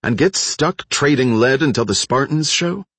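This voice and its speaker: A man voicing a tough woman team leader in an audiobook, speaking in a clipped, sharp and authoritative way. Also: mid-range voice, animated, moderate pace, breathy edge, dry recording, voice pushed up. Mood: urgent.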